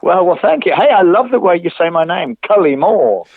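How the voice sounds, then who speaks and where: A middle-aged man chatting as a guest in an interview, self-mocking and quick to laugh. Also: high voice, animated, gravelly, no echo. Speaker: guest musician. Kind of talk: casual phone interview. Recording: tinny phone line.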